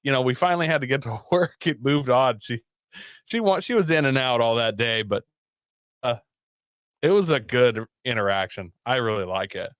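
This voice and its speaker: A man's voice: mid-range voice, normal speed, smooth, no echo, studio quality. Laughing, profane man telling a story. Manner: animated, profane, laughs often. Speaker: podcast guest telling a story. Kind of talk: casual storytelling chat.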